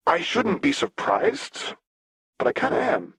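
A man's voice: sits high, very animated, unhurried, vocal fry, fairly bright tone, slightly rough, no room sound, studio quality, pitched above the performer's own voice, heavily acted. A man voicing a wary, sarcastic young male rebel in an audiobook, cursing and incredulous.

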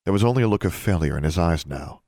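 A man narrating a story aloud in a steady storytelling manner. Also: low-pitched, quick pace, no echo, clean studio sound. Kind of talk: audiobook reading of fan fiction.

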